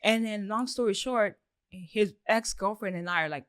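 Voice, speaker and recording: Woman, podcast guest, rambling casual storytelling, heavy swearing, mid pitch, dry close mic. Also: moderate pace, clean tone, no echo. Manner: animated, acts out quotes.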